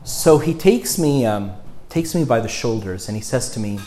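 A man telling a story in a sermon, animated, swinging between loud and hushed. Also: mid-range voice, moderate pace, slight background noise.

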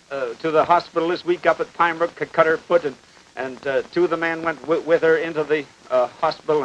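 A man preaching an emphatic sermon, swinging between loud exhortation and hushed pleading. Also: sits high. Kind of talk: fiery sermon. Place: broadcast studio. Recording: dull lo-fi 1950 broadcast with faint hiss.

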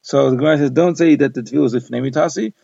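A man races through a Talmud page summary, words tumbling out fast. His voice has a gravelly, fry-edged texture, and the recording sounds dry and a little dull, as if on a basic mic. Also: mid-range voice, mellow, no room sound. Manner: brisk, mixes Hebrew and Yiddish terms into English. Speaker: Talmud teacher. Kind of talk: rapid daf summary lesson.

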